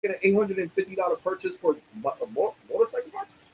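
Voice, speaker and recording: Man mimicking a prissy high bank agent. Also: sing-song, quick pace, vocal fry, dark tone, slight background noise, full character voice, poor audio. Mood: mocking. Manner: mocking, high and overdone. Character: fussy polite bank phone agent.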